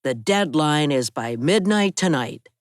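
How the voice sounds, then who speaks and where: A gravelly, menacing older man. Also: low voice, expressive, unhurried, no echo, studio quality. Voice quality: gravelly, pushy. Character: gravelly older male loan shark, menacing.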